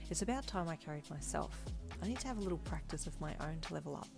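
A woman's voice: deep voice, expressive, fast talker, gravelly, music in the background. A woman reading the lines of a determined young woman, earnest and playful, in a fanfiction story. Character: determined young woman, team leader in a game.

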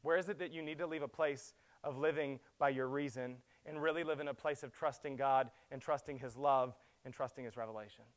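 A middle-aged man, a pastor, preaching a sermon that swings from loud urgent pleading to hushed, quiet passages. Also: mid-range voice, steady tone, a little fast, few pauses.

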